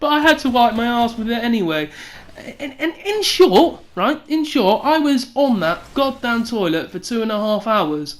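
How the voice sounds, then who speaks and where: Young woman, higher-pitched, sweary comic storyteller who acts out quotes loudly. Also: expressive, normal speed. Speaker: vlogger.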